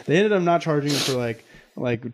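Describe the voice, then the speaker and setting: A man's voice: a little high, animated, brisk. Rambling, profane young man telling a story. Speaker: podcast co-host. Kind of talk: casual storytelling chat.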